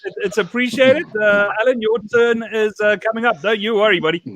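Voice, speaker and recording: A man's voice: sits high, fairly even intonation, a little fast, fairly bright tone, no echo. A man hosting a casual panel chat on a video call, jovial and teasing with his guests. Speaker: podcast host.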